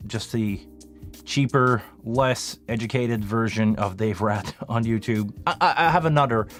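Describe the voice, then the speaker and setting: Chatty low-voiced man hosting a live Q&A. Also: unhurried, soft background music. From Canada. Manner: chatty, self-deprecating, rambling with many fillers. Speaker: live stream host, live sound engineer. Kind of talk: casual live stream Q&A chat.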